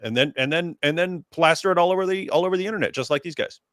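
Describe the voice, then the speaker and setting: A man hosting a casual panel discussion, talking in a halting way with many fillers and restarts. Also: a little high, fairly bright tone, no echo, clean studio sound. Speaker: show host.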